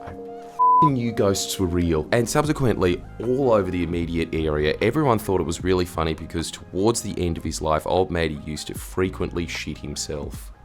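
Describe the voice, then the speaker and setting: A man with an Australian accent hosts the video, reading out stories and reacting with sarcastic jokes, sometimes jumping into loud squeaky outbursts. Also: huge pitch swings, normal speed, soft background music.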